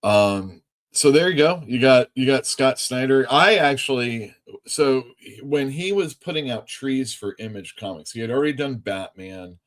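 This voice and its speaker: A comic shop owner hosting a casual livestream, rambling through anecdotes with many fillers. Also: male voice, medium pitch, measured pace. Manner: rambling, lots of fillers, laughs easily.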